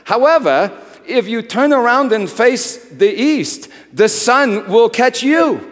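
Wise male rabbi, gently chiding, high lilting voice, put on by a male storyteller. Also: sing-song, slow, full character voice. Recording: reverberant hall.

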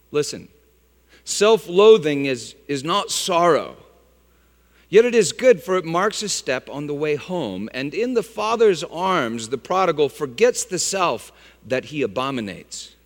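Man, pastor, sermon, loud cries to hushed lows, long hall reverb. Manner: swings from loud exclaiming to hushed, low delivery.

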